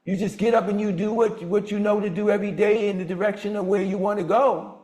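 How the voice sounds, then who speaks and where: A man in his sixties hosting a motivational group on a video call, talking with a lively preacher-like cadence. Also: quick pace, roomy sound. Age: 60s. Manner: animated preacher-like cadence, swoops in pitch. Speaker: mastermind group host.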